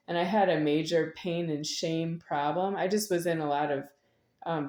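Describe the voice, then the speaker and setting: Middle-aged woman, very low voice, rambling and repetitive delivery, echoey room. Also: mellow. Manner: meandering, repetitive, with sudden laughs. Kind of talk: rambling spoken monologue.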